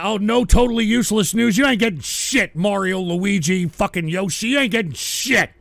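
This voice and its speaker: An older man hosting a live show, ranting profanely at his chat and often shouting. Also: sits high, no room sound. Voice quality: gravelly. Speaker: radio show host reading chat. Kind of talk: ranting live stream talk.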